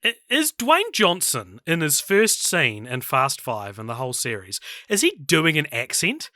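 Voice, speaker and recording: A man's voice: on the high side, huge pitch swings, unhurried, sharp tone, no room sound, clean studio sound. A man co-hosting a casual film podcast, chatty and jokey, laughing often. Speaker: podcast co-host.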